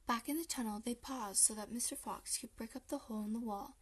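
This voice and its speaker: A woman narrating a children's storybook in a lively, expressive reading. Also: a little high, fairly quick, hardly any pauses, a little hiss or hum. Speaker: audiobook reader.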